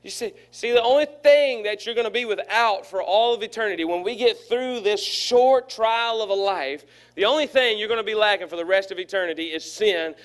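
Speaking high and a little fast with few pauses, this pastor delivers a sermon to his congregation. His style is homespun and humorous, and he gives the people in his stories their own voices.

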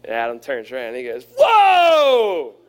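A fairly high-voiced man preaches to his congregation. His delivery is folksy and playful, and he slips into quick voices for the figures in his stories. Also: fairly bright tone. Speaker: pastor. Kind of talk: sermon.

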